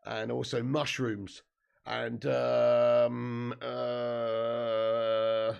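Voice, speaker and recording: A man in his 30s, just up from sleep, hosts a jokey, profane live football watch-along, reading viewer comments and offering casual chat and match commentary. His medium-pitched voice is level, creaky, clear and resonant, and he speaks extremely slowly. The highs in the recording are cut off.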